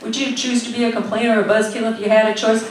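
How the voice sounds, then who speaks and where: A woman's voice: on the high side, little pitch movement, fast talker, slight background noise, voice pushed up, natural voice. A pushy self-help radio host who keeps coaxing and insisting, as a woman puts him on. The voice bounces around an echoey room and is heard from a distance. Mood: insistent.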